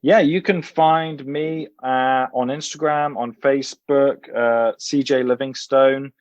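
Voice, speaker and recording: A male author reading his book aloud, then chatting in a relaxed way as a podcast guest. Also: medium pitch, takes it slowly, dry recording, muffled recording. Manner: relaxed and expressive, some uh fillers.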